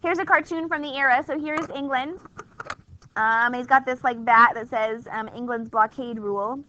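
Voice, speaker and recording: A woman's voice: high voice, bright, forceful tone, slight background noise. A woman teaching a history class in a chatty, wry, conversational way, full of rhetorical questions. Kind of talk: classroom lecture. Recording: dull lo-fi classroom recording.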